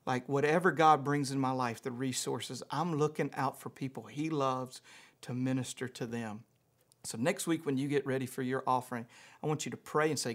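A Louisiana pastor preaches in a lively, storytelling manner, moving between narration and earnest prayer. His voice sits at a middle pitch for a man, and his speech carries an easy Louisiana accent. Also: a little fast. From Louisiana, USA. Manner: animated storyteller, acts out voices, chuckles. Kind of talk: sermon with personal story.

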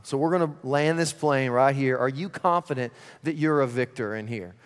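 A man in his thirties preaching a sermon as pastor, energetic and playful, dropping to a hushed, earnest tone at times. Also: mid-range voice, moderate pace, hardly any pauses, clean tone. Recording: reverberant church hall.

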